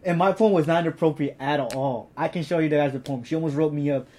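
A teenage man in casual chat, complaining about school in an animated, quick-moving way. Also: fairly high pitch. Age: teens. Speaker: co-host.

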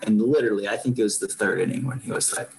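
A man's voice: fairly low pitch, fast, vocal fry, slight background noise, low-quality recording. A man co-hosting a podcast, chatting casually about baseball in a rambling, filler-heavy way. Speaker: podcast co-host. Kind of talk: casual sports chat.

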